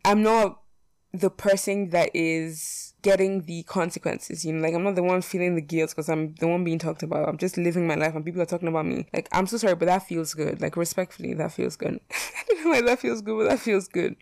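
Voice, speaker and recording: Young woman vlogging, kinda low voice, blunt and chatty, lots of "like", dry close sound. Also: a little mellow, no room sound. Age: young adult. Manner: chatty, filler-heavy, blunt and swears freely. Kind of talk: casual would-you-rather chat.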